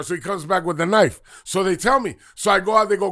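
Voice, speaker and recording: A man's voice: high voice, fast, few pauses. A man telling rambling, profane stories in casual chat, acting out the people he quotes. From Southern California. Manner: profane, rambling, animated retelling with quoted voices. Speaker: podcast guest storyteller.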